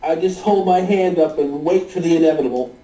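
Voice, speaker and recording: Man playing a tabletop game, slightly high voice, roomy echo, far from mic. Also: a little fast, dark tone. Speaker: player. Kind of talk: casual tabletop game play.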